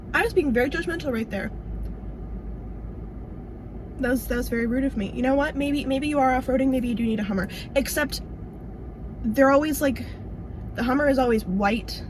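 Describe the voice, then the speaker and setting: A young woman in her late teens talks straight to the camera in a casual vlog, her voice sitting a little high. She rambles and corrects herself mid-thought. A faint hiss of background noise sits under the recording. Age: young adult. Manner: chatty, rambling, self-correcting; soft, subdued and near tears. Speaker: vlogger. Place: car, then outdoors at a barn.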